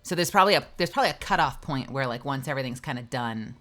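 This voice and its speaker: A woman's voice: very deep voice, animated, fast, fairly bright tone, faint music behind. A young woman streaming and chatting casually, rambling and making self-mocking jokes. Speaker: streamer and voice actor. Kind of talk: casual live-stream chat.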